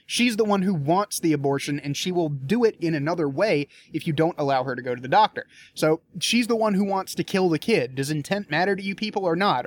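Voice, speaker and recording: Young guy ranting, swears a lot, blunt and fed up, voice a bit high, keeps restarting sentences. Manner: profane, blunt and exasperated, with frequent restarts. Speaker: political commentator. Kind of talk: casual political rant.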